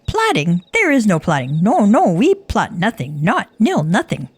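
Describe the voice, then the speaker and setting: A woman's voice: medium pitch, wildly swooping pitch, measured pace, slightly rough, no room sound, voice pushed up, full character voice. A woman voicing a frantic captured kobold creature in a video game, babbling and repeating itself in panic. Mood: indignant.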